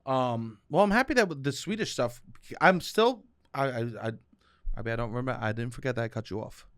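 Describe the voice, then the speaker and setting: A young man with a New York accent, co-hosting a casual podcast and telling stories loudly, breaking into shouts. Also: mid-range voice, a little fast, no room sound, studio quality. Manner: loud, animated storytelling with shouted bursts. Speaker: podcast co-host. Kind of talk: casual chat.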